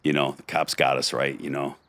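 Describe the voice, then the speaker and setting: A middle-aged man, a podcast guest, telling a rough street story in gritty, blunt talk. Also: extremely low pitch, little pitch movement, brisk, fairly bright tone, no room sound. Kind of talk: storytelling in conversation.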